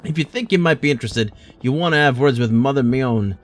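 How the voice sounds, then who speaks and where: Man putting on a hearty gruff guild boss voice for a game, rough slang, mid pitch. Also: brisk, lightly acted. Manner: rough colloquial speech, reading aloud with hesitations. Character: gruff older male guild master, blunt and hearty.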